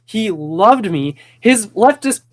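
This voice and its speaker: A man with a notably high speaking voice talks casually as a podcast host. He tells stories in an animated way, rambles with restarts, and slips into other people's voices when quoting them. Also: slow pace. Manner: animated storytelling, acts out quoted voices. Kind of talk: casual conversation.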